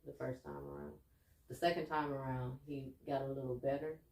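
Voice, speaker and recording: A young woman co-hosting a podcast, talking candidly and earnestly about her own life, getting animated and laughing as she tells stories. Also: a bass voice, a little fast, far from the mic. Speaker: podcast co-host. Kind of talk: candid casual chat. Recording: echoey room, a bit off-mic.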